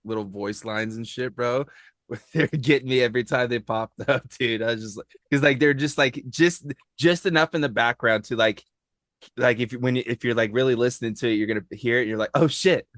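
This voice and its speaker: A man hosting a podcast in a casual, excited way, full of slang and filler words. His voice is mid-pitched and sits dry and close on the mic. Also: brisk, no echo. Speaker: podcast host.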